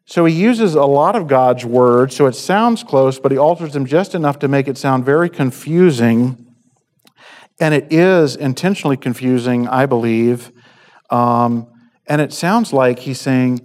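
A man's voice: mid-range voice, unhurried, a little mellow. Guy preaching a bible study, lots of ums and restarts, regular middle voice. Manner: unscripted, many ums and restarts. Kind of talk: sermon-style Bible teaching.

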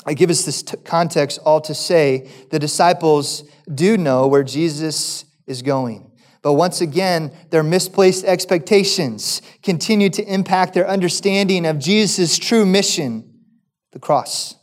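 A man's voice: on the high side, measured pace. A man preaching a sermon, reading scripture and asking the congregation rhetorical questions. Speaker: pastor.

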